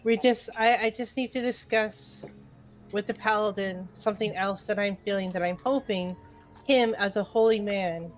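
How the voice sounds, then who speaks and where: A woman's voice: mid-range voice, moderate pace, soft background music. A woman playing a tabletop game, talking casually and hesitantly, restarting her sentences. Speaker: player.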